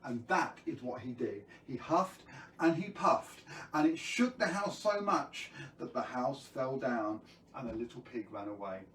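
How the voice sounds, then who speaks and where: A man's voice: mid-range voice, lively intonation, unhurried, a bit bright, reverberant, recorded from a distance, slight background noise, poor audio. A man telling a children's story on a live stream, playful and jokey, who keeps quizzing his viewers.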